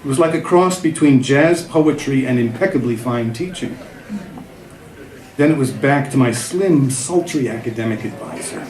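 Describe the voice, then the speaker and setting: A man's voice: medium pitch, a little slow. A man in his fifties reading a personal essay aloud to a live audience, with a wry, self-mocking delivery. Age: 50s. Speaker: reader. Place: festival event room with a live audience. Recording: echoey room, loud crowd laughter.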